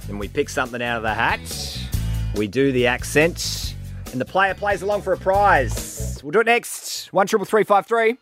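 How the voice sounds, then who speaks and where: A man hosting a radio comedy game, with brisk, playful patter. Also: on the high side, expressive, a bit bright, soft background music. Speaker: radio host. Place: radio studio.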